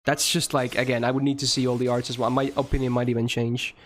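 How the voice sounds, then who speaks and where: A man's voice: mid-range voice, flat delivery, fast talker, slight background noise. A young man streaming a game and chatting casually with his viewers, answering their questions in a rambling way and swearing freely.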